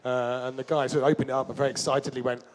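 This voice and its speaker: A man's voice: mid-range voice, flat delivery, rapid-fire, slight background noise. A man being interviewed about his overland travels, telling rambling, self-deprecating stories full of fillers and restarts. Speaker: traveller and author, interview guest. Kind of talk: casual storytelling interview.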